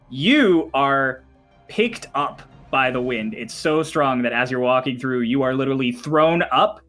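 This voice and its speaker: A man narrating a tabletop game as game master, describing scenes slowly with frequent fillers. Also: mid-range voice, fairly bright tone.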